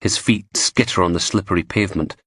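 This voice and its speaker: A man narrating a gritty crime audiobook with a deep, husky voice and a sardonic edge. His delivery rises and falls freely, and the recording is close and dry with no room sound. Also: a little fast, a bit bright, dry recording.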